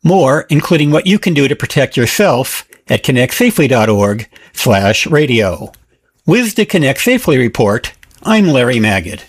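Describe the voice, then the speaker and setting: A man's voice: mid-range voice, big pitch swings, moderate pace, a little hiss or hum. A man hosting a short radio tech report in a scripted news delivery.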